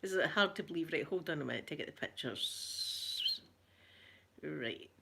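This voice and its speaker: A middle-aged Scottish woman hosting a casual livestream chat, excitedly gushing and greeting viewers by name. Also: low-pitched, normal speed, vocal fry, breathy edge. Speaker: ASMR livestream host.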